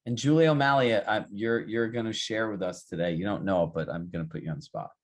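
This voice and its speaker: A man's voice: lowish voice, quick pace. A man coaching agents in a live group session, firing rhetorical questions and calling on people by name. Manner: calls on participants by name. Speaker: real estate coach.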